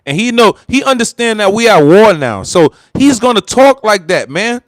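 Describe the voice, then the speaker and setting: Man, from the US, livestream host, heated political rant, repetitive, high-pitched. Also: animated, normal speed, dry recording. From United States. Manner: fired-up, repetitive, talks straight to viewers.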